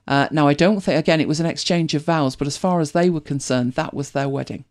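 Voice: medium pitch, fast. A host with a British accent, chatting casually and rambling with many restarts. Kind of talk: casual chat.

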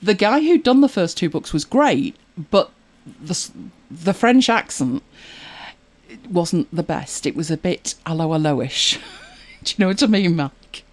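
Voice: medium pitch, animated, a little slow. Rambly podcast cohost chatting away, voice swoops up and down a lot. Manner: chatty, rambling, with many fillers and restarts. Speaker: podcast co-host. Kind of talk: casual chat about audiobooks.

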